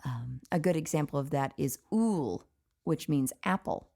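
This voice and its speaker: Woman, very low voice, gravelly fry, patient teacher, explains pronunciation. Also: animated, a little slow, warm tone. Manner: patient, explanatory, light laughs. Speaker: session leader, language teacher. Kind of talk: explaining pronunciation in casual chat.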